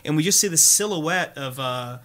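A man co-hosting a film podcast, relaxed and analytical, pausing with "uh" and "you know". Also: a little high. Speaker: podcast co-host. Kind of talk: casual film discussion.

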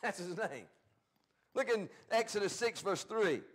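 A pastor preaching a Bible study sermon in a folksy, plain-spoken way, swinging between loud emphatic bursts and quiet asides. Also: male voice, high-pitched, animated, a little slow.

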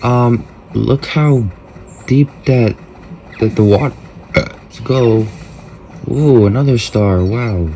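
A man's voice: mid-range voice, slow, pauses often, warm tone, slight background noise. A man casually commenting on a mobile game, joking, mock-talking to kids and often trailing off mid-sentence. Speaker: gameplay host.

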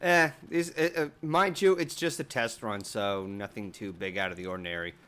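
A man's voice: lowish voice, moderate pace, pushed and bright, clean tone. A young man streaming games in casual chat, swearing at the game and mocking himself.

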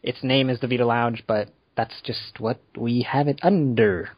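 A man's voice: mid-range voice, moderate pace, slightly rough, no room sound. A man hosts a casual podcast, loose and rambling, with fillers between his thoughts. His voice is recorded dry and close. The sound is dull and lo-fi. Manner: relaxed, rambling with fillers and laughs. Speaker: podcast host. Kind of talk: casual chat.

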